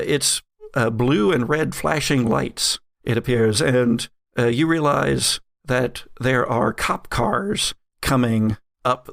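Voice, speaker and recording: Man, game master, gravelly voice, dry close recording, halting narration. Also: medium pitch, no room sound. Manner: loose, hesitant with many uhs. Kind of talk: actual-play game narration.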